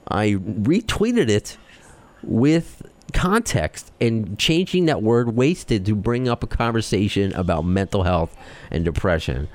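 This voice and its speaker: A man with a New York accent hosting a podcast, talking fast and excitably as he rants. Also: lowish voice. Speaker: podcast host. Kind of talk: casual chat.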